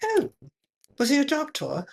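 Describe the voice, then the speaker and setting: A woman's voice: sits high, huge pitch swings, measured pace, gravelly, full character voice. A woman playing a pompous aristocratic lady who hosts a chat show, affected and drawling, dropping French phrases. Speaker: host.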